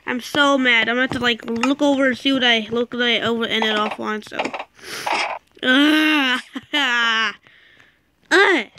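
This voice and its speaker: A woman giving casual, excitable commentary while playing a game, with dramatic outbursts and mock sulking. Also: on the high side, a little fast, hardly any pauses, noisy background. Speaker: gameplay commentator.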